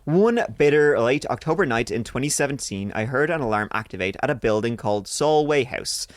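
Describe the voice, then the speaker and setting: A man's voice: medium pitch, lively intonation, fairly quick, dry recording, studio quality. A man hosting a podcast, reading listener stories aloud and breaking in with crude jokes. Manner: crude joking asides between read passages. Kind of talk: casual podcast banter while reading aloud.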